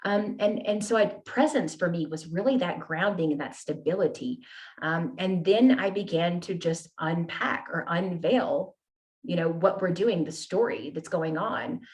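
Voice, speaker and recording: A woman's voice: lowish voice, measured pace, a little mellow. A woman guest telling her personal story in an earnest, candid way, often checking in with "right?" and "you know?". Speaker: podcast guest.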